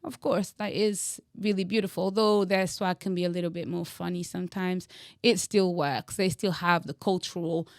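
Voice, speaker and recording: A woman's voice: on the low side, fairly even intonation, normal speed, vocal fry, no room sound, clean studio sound. Bold, teasing young woman vlogger. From Angola. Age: young adult. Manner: bold, teasing, dramatic emphasis. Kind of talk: opinionated direct-to-camera monologue.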